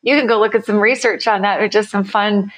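A woman company founder, guest on an interview, explaining her work energetically with quick everyday examples. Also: medium pitch, fairly even intonation, a bit bright, rough recording. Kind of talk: conversational interview.

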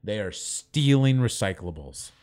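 Animated man telling stories on a podcast. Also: fairly low pitch, measured pace. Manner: animated storyteller, acts out people he quotes. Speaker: podcast co-host. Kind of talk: casual chat.

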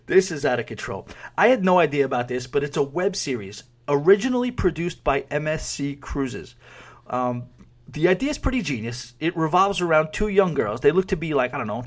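A man hosting a podcast in casual chat, rambling with amused asides and often trailing off mid-thought. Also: fairly high pitch. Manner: rambling, amused, laughs while talking, trails off. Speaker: podcast host.

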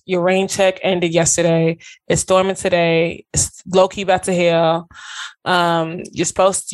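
A woman in casual podcast chat, talking bluntly and playfully with lots of slang. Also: lowish voice.

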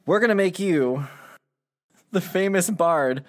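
A man running a casual tabletop game for friends as game master, playful and quick with asides. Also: medium pitch, expressive.

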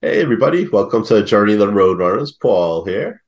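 A man's voice: lowish voice, very animated, a little fast, soft background music. A man hosting a podcast, chatting casually and laughing often. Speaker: podcast host. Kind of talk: casual chat.

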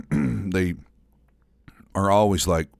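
A man's voice: sits low, lively intonation, extremely slow, gravelly, darkish tone, no echo, clean studio sound. A man with a slight Southern American drawl telling stories in casual podcast chat, rambling with restarts. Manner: rambling storyteller, many restarts.

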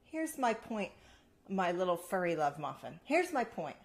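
Speaking at a measured pace in a lowish voice, a woman co-hosts a casual chat show. She teases her partner playfully and tells animated stories punctuated with laughs.

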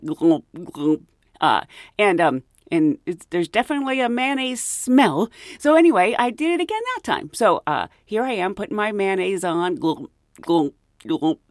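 A woman hosts her podcast in a loose, chatty storytelling style, full of ums and uhs. Her voice sits on the low side, but her pitch leaps around with lively emphasis. The sound is close and dry, with no room around it. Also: no room sound. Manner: chatty, animated, giggly, lots of ums and uhs. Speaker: podcast host, flight attendant. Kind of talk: casual storytelling monologue.

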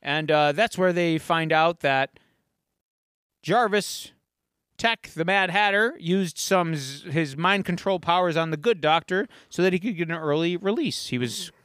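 A man hosting a podcast, retelling an episode in an animated, storytelling way. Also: fairly high pitch, a little slow, clear, resonant tone, no echo, clean studio sound. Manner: animated storytelling, acting out quotes. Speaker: podcast host. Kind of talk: casual episode recap.

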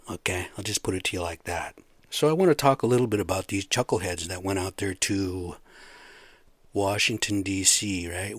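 A man's voice: fairly low pitch, no echo. A middle-aged man giving a blunt, profane, rambling solo rant in casual talk. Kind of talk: casual monologue.

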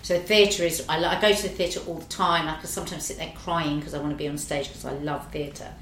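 A woman's voice: low-pitched, quick pace, a little hiss or hum. Brief: woman, middle-aged, chatty anecdotal guest, room echo. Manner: lively, animated, swears casually. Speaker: actress guest. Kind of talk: casual anecdotal storytelling. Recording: roomy echo.

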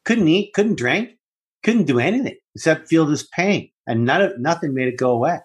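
A man co-hosting a casual podcast chat, telling stories in an animated, profane way. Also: on the high side, moderate pace, rough recording. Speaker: podcast co-host.

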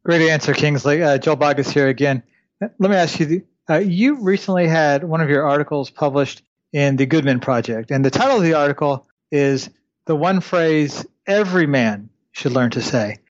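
A man's voice: fairly high pitch, moderate pace, highs cut off. A man hosting a podcast who praises an answer and asks a friendly follow-up question. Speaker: podcast host. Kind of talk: podcast interview.

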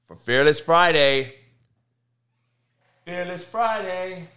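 A fairly high-voiced man hosts a loose online talk show. He rants in a heated, foul-mouthed way, firing insults straight at trolls in his chat. His tone is brash and confrontational throughout. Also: lively intonation, slow, pushed and bright, clear, resonant tone. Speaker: show host. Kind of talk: profane ranting talk show.

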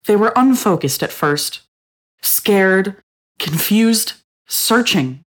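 A woman narrating a story in a measured, expressive reading. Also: mid-range voice, slightly rough.

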